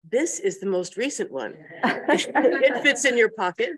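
A woman on a panel reading prepared comments in a brisk, friendly way. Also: fairly high pitch, lively intonation, fairly bright tone, husky. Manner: brisk, friendly, shows items. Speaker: panel speaker.

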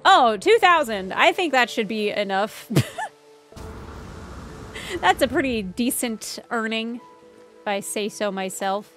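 A woman's voice: fairly high pitch, lively intonation, slow pace, long pauses, fairly bright tone, faint music behind. A young woman streamer chatting casually while playing, rambling through stories with lots of fillers. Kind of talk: casual gameplay chat.

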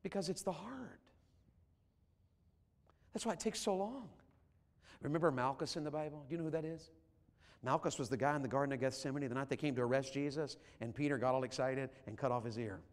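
A man preaching a revival sermon as an evangelist, swinging from shouts to hushed tones. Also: mid-range voice, a little fast, long pauses. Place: large church sanctuary. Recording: long hall reverb in a church.

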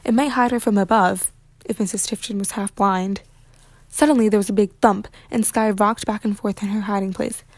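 A woman reading a children's novel aloud with lively, expressive narration. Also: medium pitch, moderate pace, dry recording. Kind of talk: read-aloud storybook narration.

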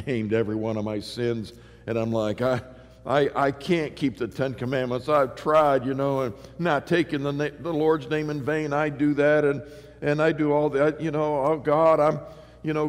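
A middle-aged man preaching a sermon, telling stories animatedly with many fillers and restarts. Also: medium pitch. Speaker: pastor. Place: large church hall. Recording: long reverb of a church hall.

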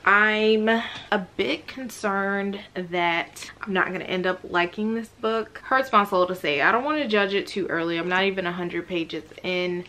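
A woman reviewing books in a casual, chatty vlog, talking in a slangy, animated way and often laughing. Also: mid-range voice. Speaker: book vlogger.

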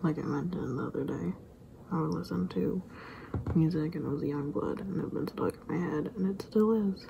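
Woman, whispered vlog storyteller, gravelly, mellow tone, faint hiss behind. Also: deep voice, brisk, low-quality recording. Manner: rambling, self-interrupting anecdote with repeated sound effects.

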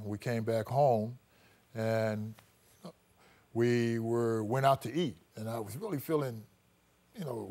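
A middle-aged man, a former athlete, telling his story in a relaxed interview, full of "you know" and acted-out quotes. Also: medium pitch.

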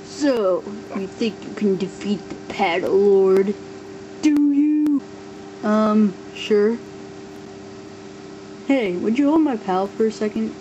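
An amateur stop-motion voice performer, a woman, plays out a homemade toy war story kid-style, voicing every figure in turn and switching playfully between them. Her medium-pitched, dark voice is expressive and slow with long pauses, and the recording is muffled with slight background noise.

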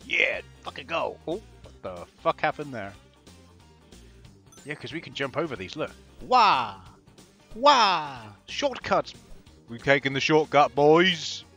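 A man giving excitable, foul-mouthed gameplay commentary as host of a gaming video. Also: fairly high pitch, a little slow, faint music behind. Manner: excitable, swears constantly, laughs often.

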